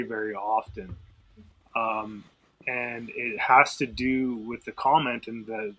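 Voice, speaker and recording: Podcast co-host, man, husky bright tone, talks with fillers and restarts. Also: medium pitch, poor audio. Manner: thinks aloud, many fillers and restarts. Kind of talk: casual discussion.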